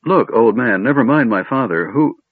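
A man's voice: medium pitch, expressive, normal speed, no room sound, voice pushed up, natural voice. A man voicing a fearful, confused young elf woman who speaks anxiously, stammering at times. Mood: worried. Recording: narrow phone-like sound.

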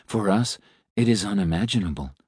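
A man doing a gentle, sad old robot. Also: lowish voice, animated, husky, dry recording, clean studio sound. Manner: gentle, quiet and measured.

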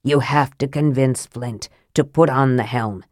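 A woman's voice: very deep voice, measured pace, a little mellow, dry recording, studio quality, pitched below the performer's own voice. A cool, calculating mage, as a woman reads him. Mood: persuasive.

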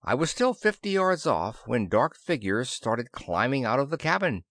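A man reads a science fiction story in the first person, his pitch rising and falling with the action. The sound is dry and close, with no room around it. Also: moderate pace, no room sound. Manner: lively first-person storytelling, voices characters. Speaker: audiobook narrator. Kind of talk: scripted narration.

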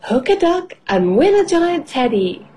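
Cartoon storybook rabbit lady running a fair stall, squeaky high barker calls, swoops all over , woman doing her. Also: big pitch swings, unhurried, dark tone. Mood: cheery. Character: bubbly female rabbit fairground stall keeper.

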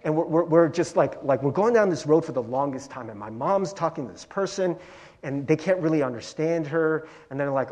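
A male pastor giving a conversational sermon, animated and chatty, peppering his talk with "like" and "right?". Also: a little high, a little fast.

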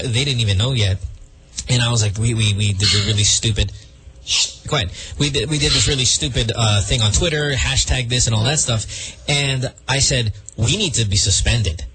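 A man's voice: medium pitch, fairly bright tone. A man hosting a radio show, chatting casually and stumbling through restarts. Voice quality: husky, halting with many restarts.

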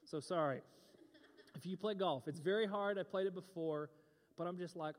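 Young male pastor, chatty and joking from the pulpit, a touch high-voiced, long hall echo. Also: quick pace. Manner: joking, conversational, playful asides. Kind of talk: casual sermon.

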